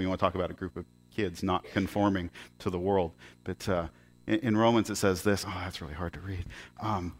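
A man's voice: on the low side, a bit bright. Man telling a story in a sermon. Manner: conversational, halting, with frequent restarts. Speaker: pastor.

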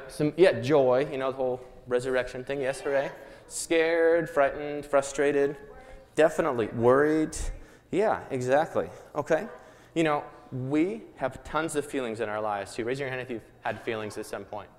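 A man's voice: mid-range voice, unhurried. A playful man runs a children's Bible lesson, coaxing his audience along. His voice sits in a middle register. A long reverb from a church hall hangs after each line. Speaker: children's Bible program leader. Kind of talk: lively kids' Bible lesson with skit. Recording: echoey hall.

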